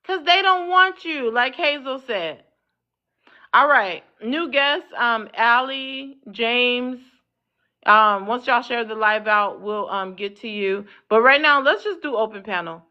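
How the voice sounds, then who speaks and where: A woman with a high voice hosts a live panel debate and talks in a bossy way, interrupting often to take back the floor. Her audio comes through dull and lo-fi, like a live stream. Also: lively intonation, takes it slowly. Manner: bossy, cuts in, hold on repeatedly. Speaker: talk show host.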